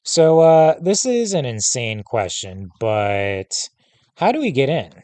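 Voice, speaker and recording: A man's voice: medium pitch, big pitch swings, slow, darkish tone, no echo. A man voicing a flippant, joking teenage boy twin. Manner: quippy, flippant.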